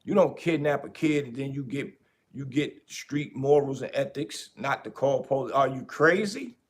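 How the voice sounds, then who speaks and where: A podcast host talking in a casual, animated way, repeating his points for emphasis. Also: mid-range voice, moderate pace, slight background noise. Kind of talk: casual commentary.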